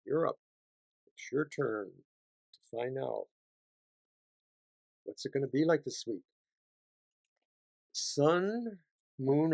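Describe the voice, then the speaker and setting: A man with a creaky, mid-range voice gives a weekly tarot reading for each sign, moving slowly and unhurriedly through the cards. His chatty delivery swings dramatically from hushed tones to excited bursts, and the room is dry with no echo.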